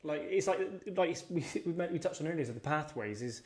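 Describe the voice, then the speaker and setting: An earnest man talks quickly in a slightly high voice and chimes in often with agreement. He is recorded in an echoey room during a relaxed podcast chat. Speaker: podcast guest.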